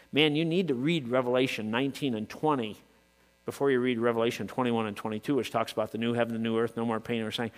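A man preaching a sermon to his congregation, asking rhetorical questions and working up to shouts. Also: medium pitch. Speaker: pastor. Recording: long reverb, hall.

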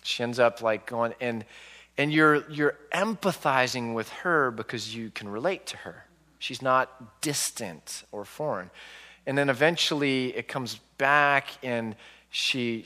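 40s guy giving a lecture, bright voice, lively storyteller, big hall reverb. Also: mid-range voice, measured pace. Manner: animated storytelling, acting out quoted reactions. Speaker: public speaker and author. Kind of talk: lecture to a live audience.

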